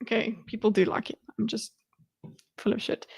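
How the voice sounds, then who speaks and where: A woman's voice: on the high side, level tone, normal speed, gravelly, darkish tone, husky. A woman hosting a livestream, reacting to a debate in blunt, exasperated commentary full of swearing. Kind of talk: casual commentary.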